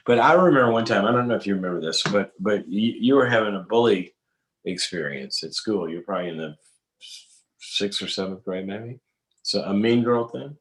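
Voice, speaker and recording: A man's voice: lowish voice, animated, a little fast, poor audio. A middle-aged man hosting a talk show, chatting casually with his daughter, rambling a little and asking probing questions. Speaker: talk show host, psychologist. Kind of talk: casual family conversation.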